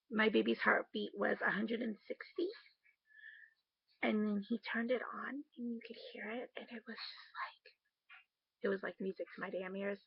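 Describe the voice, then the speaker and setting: A woman's voice: on the high side, creaky, husky, no room sound, lo-fi sound. A woman talking in a casual video diary at home late at night, candid and emotional, swearing casually. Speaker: vlogger.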